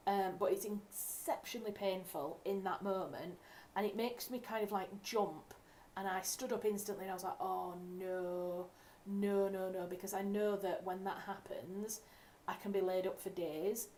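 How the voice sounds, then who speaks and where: A woman's voice: mid-range voice, steady tone, normal speed, few pauses, a little mellow. A young woman from England chats casually to her livestream viewers from home. She rambles and corrects herself mid-sentence, speaking into a desk mic over faint background hiss. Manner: chatty, rambling, self-correcting. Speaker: writer hosting a livestream. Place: home room.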